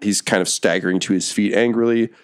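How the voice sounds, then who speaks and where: A man with a lowish voice narrates a tabletop game as its game master. He describes the action vividly and drops playful comic asides. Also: fairly even intonation, fairly quick, clear, resonant tone.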